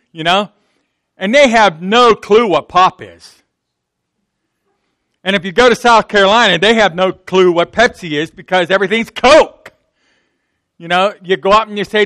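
A Pittsburgh-accented man preaches a sermon in a folksy, conversational way. His voice sits high and bright. The sound is close and dry. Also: moderate pace, dry recording. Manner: conversational, folksy, acts out quotes. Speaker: pastor.

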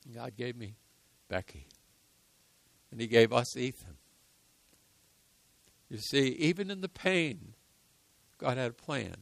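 A man preaching a sermon, repeating key lines for emphasis and moving between hushed and loud passages. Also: medium pitch, slow pace, creaky, long pauses, dry recording. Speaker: pastor.

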